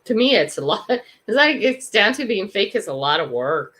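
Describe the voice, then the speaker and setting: A woman's voice: mid-range voice, big pitch swings, moderate pace, fairly bright tone. An older woman hosting a morning livestream, greeting viewers by name and musing aloud in a casual, reflective way. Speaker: livestream host. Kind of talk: casual live chat.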